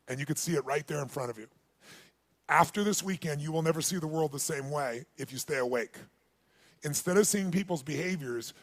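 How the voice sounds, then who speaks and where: A man leading a live motivational seminar, telling a story and calling on the audience to shout answers and raise their hands. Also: on the high side. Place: large event hall with a live audience.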